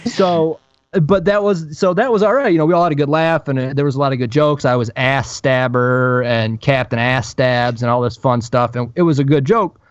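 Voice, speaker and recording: A man co-hosting a podcast, telling a profane, animated story in casual chat. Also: mid-range voice, normal speed, no echo, dull audio. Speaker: podcast co-host.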